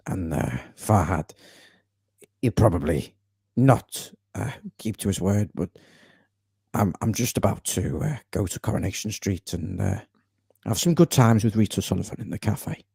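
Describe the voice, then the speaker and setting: A man putting on an elderly football club chairman for a comedy bit, with a very low, gravelly and husky voice that swings widely in pitch. He rambles slowly. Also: sing-song, darkish tone, dry recording, exaggerated voice. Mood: rambling. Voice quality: deep gravelly rasp, slow rambling.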